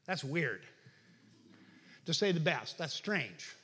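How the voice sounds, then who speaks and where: Male pastor, middle-aged, slightly high and husky, chatty sermon with loud peaks, long hall echo. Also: sing-song, measured pace, long pauses. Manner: conversational, rises to shouting for emphasis. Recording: reverberant hall.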